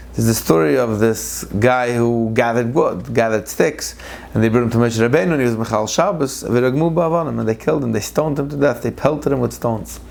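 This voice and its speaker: A man teaching a casual weekly Torah class, telling a parable and then explaining it in an animated, conversational way with frequent asides. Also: mid-range voice, gravelly.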